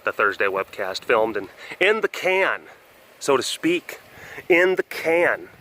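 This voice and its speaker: A man's voice: medium pitch, sing-song, slow pace, bright, forceful tone, slight background noise, poor audio. A man hosting a casual webcast outdoors, rambling with lots of fillers and self-mocking asides. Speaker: vlog host.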